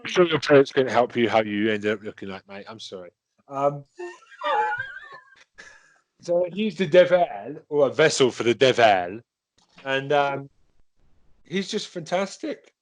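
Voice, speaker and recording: A man's voice: medium pitch, lively intonation, moderate pace, no echo. A man chatting casually as a podcast co-host, rambling with many fillers and swearing freely. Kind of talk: casual chat.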